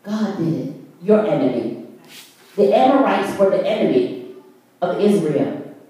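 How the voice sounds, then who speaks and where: Slow, mellow woman preaching in an echoing church. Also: fairly low pitch, lively intonation. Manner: emphatic, repetitive preaching with rhetorical questions, at times intoned. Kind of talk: Sunday worship sermon. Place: church sanctuary. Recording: very echoey church, voice far from mic.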